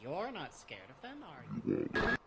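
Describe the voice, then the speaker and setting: A man voicing a calm, gentle bug enthusiast who talks soothingly and teases a little. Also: a little high, unhurried, vocal fry, background noise, heavily acted. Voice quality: soft, soothing, gently teasing.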